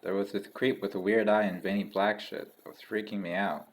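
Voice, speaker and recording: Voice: low-pitched, level tone, brisk, low-quality recording. A young adult chatting casually with a friend and reading story narration, with dry jokes. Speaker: co-reader. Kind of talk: casual let's-read chat and narration.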